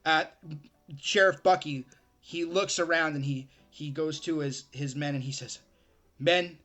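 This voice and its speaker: Slow, bright-voiced man narrating a game. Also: fairly high pitch, soft background music. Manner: slow, hesitant narration with many fillers. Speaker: game master.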